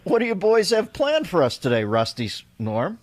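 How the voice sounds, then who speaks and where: A male radio host interviewing a guest, talking in a quick, wisecracking way into a studio mic. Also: sits high, wildly swooping pitch, dry recording.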